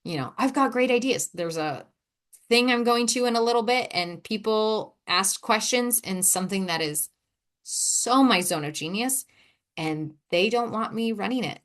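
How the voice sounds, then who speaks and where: A woman's voice: mid-range voice, a little slow, fairly bright tone. A woman hosting a casual self-help podcast, talking candidly and self-deprecatingly, sighing, with playful sass. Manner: acts out quoted dialogue in shifting voices. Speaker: podcast host.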